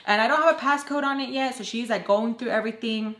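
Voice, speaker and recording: A woman's voice: a little high, brisk, fairly bright tone, roomy sound. A young woman telling a storytime vlog in a casual rant, full of fillers and quoted back-and-forth. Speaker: vlogger.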